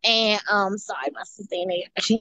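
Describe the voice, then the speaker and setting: A woman guest giving an earnest personal testimony, halting and often repeating or restarting her phrases. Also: medium pitch, steady tone, pushed and bright, dry recording. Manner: earnest storytelling.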